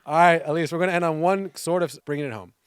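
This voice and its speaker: A man's voice: fairly high pitch, quick pace, clean tone, no echo, studio quality. A man hosting a faith TV interview, chatting with his guest in a conversational, playful way. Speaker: TV show host. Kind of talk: casual interview chat.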